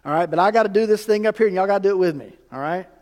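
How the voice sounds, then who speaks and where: A man preaching a sermon in a church, animated and full of rhetorical questions to the congregation. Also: high voice, racing, big-room sound. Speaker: pastor. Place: church sanctuary.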